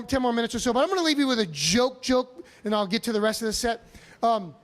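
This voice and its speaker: A comedian from Chicago telling animated stories on a comedy club stage, with sudden loud outbursts. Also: male voice, extremely high pitch, clean tone. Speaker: stand-up comedian. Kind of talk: stand-up set.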